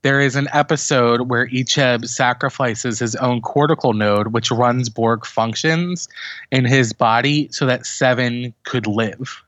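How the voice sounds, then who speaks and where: Animated male podcast host, dull dry mic. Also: mid-range voice, unhurried, no room sound. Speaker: podcast host doing recaps. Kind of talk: casual podcast chat and episode recap.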